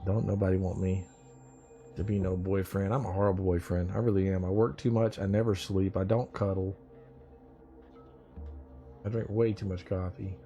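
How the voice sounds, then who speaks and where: A man's voice: deep voice, level tone, normal speed, long pauses, mellow. A man hosting a casual morning livestream, rambling, joking and swearing as he teases his viewers. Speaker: livestream host. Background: faint music.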